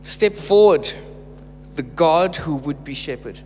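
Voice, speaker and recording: High-voiced preacher in an echoing hall. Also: male voice, animated, slow pace. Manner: emphatic, repeats phrases for stress. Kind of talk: sermon. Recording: reverberant hall with faint hum.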